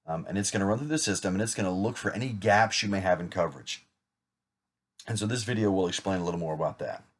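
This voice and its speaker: A man's voice: low voice, fast talker. A man acting as an insurance agent in a practice sales role-play, talking casually with small jokes and self-corrections. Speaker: insurance agent rehearsing a client pitch.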